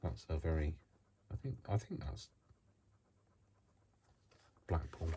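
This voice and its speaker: Casting: a deep-voiced man, chatty craft vlogger, self-mocking asides, noisy home recording. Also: big pitch swings, slow pace, warm tone. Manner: rambling, self-mocking, talks to himself while working. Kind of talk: casual chat while crafting. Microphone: built-in camera mic, mic not working.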